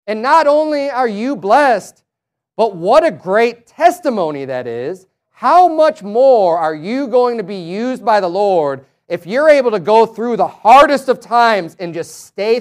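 Man preaching an emphatic sermon. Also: high-pitched. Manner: emphatic, rising to raised preaching and reading scripture aloud.

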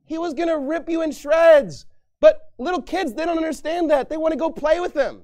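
A man's voice: extremely high pitch, animated, moderate pace. A man pastor preaching a sermon in an emphatic, repetitive style.

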